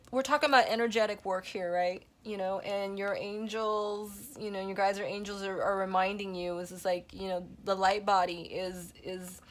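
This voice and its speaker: A young woman gives a spiritual tarot reading to her viewers. She gushes in delighted exclamations and keeps checking in with "okay?" and "you know". Her voice sits at an everyday middle pitch for a woman. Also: a bit bright. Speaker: tarot reader.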